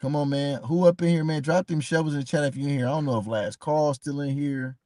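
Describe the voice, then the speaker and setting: A man's voice: fairly high pitch, fairly even intonation, quick pace, warm tone, no room sound. Dry-voiced male streamer chatting. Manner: addresses the chat by name, repeats himself, passionate. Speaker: live stream host. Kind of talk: casual live-stream chat.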